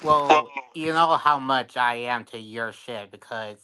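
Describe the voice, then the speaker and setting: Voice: medium pitch, unhurried, bright, forceful tone, clean tone, poor audio. A co-host chatting casually to viewers, blunt and swearing freely while backing up their partner.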